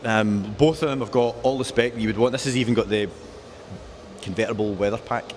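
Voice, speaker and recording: A man's voice: on the low side, brisk, darkish tone. A man presenting cars at a dealership in casual, jokey chat, rattling off specs with enthusiasm. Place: car dealership.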